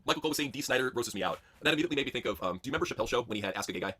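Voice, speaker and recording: A man co-hosting a comedy chat show with a husky voice, reading out jokes and laughing a lot. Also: mid-range voice, animated, rapid-fire, bright, forceful tone. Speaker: podcast co-host.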